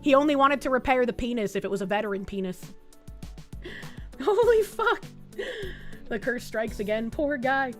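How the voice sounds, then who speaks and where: A woman's voice: on the high side, normal speed, fairly bright tone, faint music behind. A woman streamer in casual chat, reading viewer messages aloud, swearing often and laughing easily.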